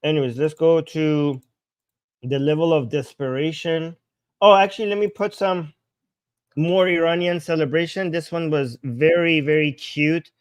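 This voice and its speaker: A man's voice: on the high side, steady tone, normal speed, clear, resonant tone, no room sound. A man giving casual commentary, translating Persian video clips aloud and laughing often. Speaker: political commentator.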